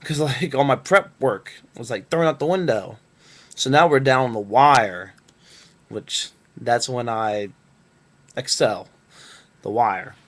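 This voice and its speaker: This young adult vlogger from Northern Kentucky speaks slowly in a medium-pitched voice, leaving long pauses. He tells a casual story to his webcam, drifting along in a rambling, easygoing manner with many fillers.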